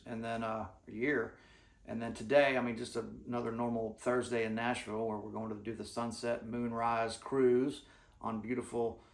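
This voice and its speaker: Male storyteller, gravelly, rambling and folksy, recorded in an echoey room. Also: lowish voice. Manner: rambling, folksy, many restarts and fillers. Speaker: guitarist telling stories. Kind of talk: casual storytelling.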